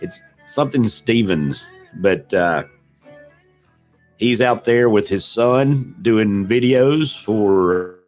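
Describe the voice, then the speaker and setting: A man's voice: on the low side, expressive, slow pace, a little mellow, faint music behind. A middle-aged man, hosting a casual live stream, rambling and self-deprecating as he greets viewers in the chat. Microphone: desk microphone.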